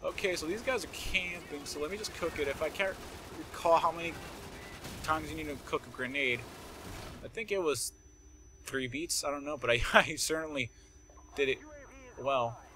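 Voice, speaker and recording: Male gameplay commentator, raised pitch, very forceful bright tone, excitable and rambling, quick to shout and curse. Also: a little hiss or hum. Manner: excitable, shouts and laughs at in-game moments; rambling and chatty with frequent swearing. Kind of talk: live game commentary. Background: game gunfire and explosions.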